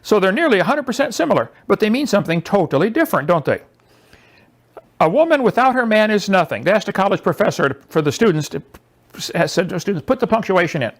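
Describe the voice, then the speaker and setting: A man lecturing a small audience, sarcastic and mocking, with an animated, emphatic delivery. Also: high voice, fast talker. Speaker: presenter.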